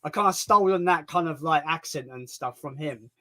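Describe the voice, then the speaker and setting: A man on a live stream as a guest, chatting casually, self-deprecating and quick to laugh. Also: a little high, sharp tone.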